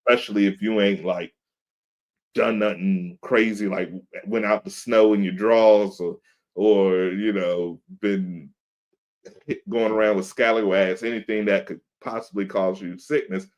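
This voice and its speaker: A man's voice: lowish voice, steady tone, measured pace, darkish tone. A man in his thirties, co-hosting a podcast in casual chat, telling laid-back stories and acting out quotes. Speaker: podcast co-host. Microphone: video call.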